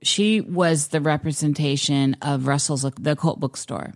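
A middle-aged woman hosting a casual chat, effusive and quick to laugh. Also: low voice. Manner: warm, effusive, laughs often. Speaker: host.

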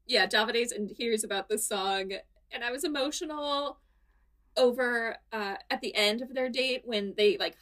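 A woman co-hosting a podcast, chatting casually and laughing often as she retells the episode. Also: fairly high pitch. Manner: giggly, animated storytelling. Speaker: podcast co-host. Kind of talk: casual recap chat.

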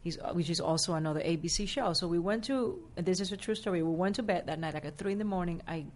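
A woman from Rico, a guest telling an animated story in a casual interview, acting out what people said. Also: fairly low pitch. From Puerto Rico. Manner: animated, acts out quoted dialogue, fast bursts. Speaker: actress and guest.

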